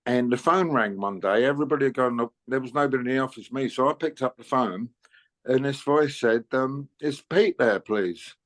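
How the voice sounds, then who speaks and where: A man's voice: medium pitch, fairly quick, a bit bright. Older man telling chatty stories. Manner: chatty, anecdotal, laughs often, many "you know"s. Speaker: interviewed musician. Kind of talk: casual storytelling interview.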